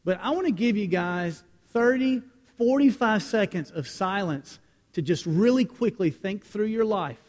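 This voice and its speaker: High-voiced male pastor preaching in a hall. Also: lively intonation, unhurried. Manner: storytelling, swings from loud to hushed. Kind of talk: sermon.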